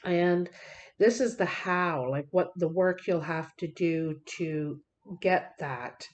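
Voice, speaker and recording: Slow, low-voiced woman reading cards. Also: highs cut off. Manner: folksy, direct, many fillers. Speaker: card reader. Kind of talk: card reading to viewers.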